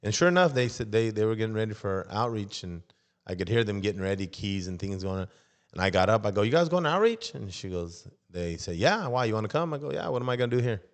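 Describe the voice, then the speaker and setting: Low-voiced man telling his testimony. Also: animated, fast talker. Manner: storytelling, acts out dialogue in raised voice. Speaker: podcast guest. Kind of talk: personal testimony.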